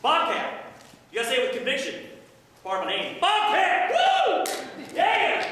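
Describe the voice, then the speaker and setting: A man's voice: extremely high pitch, animated, fast, sharp tone, a little hiss or hum, heavily acted. A man doing a whooping backwoods bobcat character. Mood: teasing. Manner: hammy, teasing, whooping. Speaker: costumed ceremony character. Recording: echoey hall from far off, crowd.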